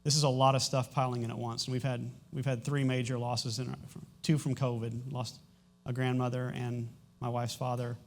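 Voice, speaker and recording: A middle-aged male pastor speaks in a level, middle-pitched tone from the sanctuary stage, sharing sermon announcements and personal testimony. Emotion keeps breaking through, so he talks haltingly and candidly, starting sentences over as he fights to hold together.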